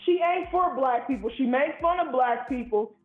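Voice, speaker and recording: A man's voice: very high voice, lively intonation, normal speed, faint music behind. A man from Ohio calling in to a live show, ranting in a heated, profane, rambling way. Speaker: caller. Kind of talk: angry call-in rant. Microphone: phone call. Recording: tinny echoey phone line.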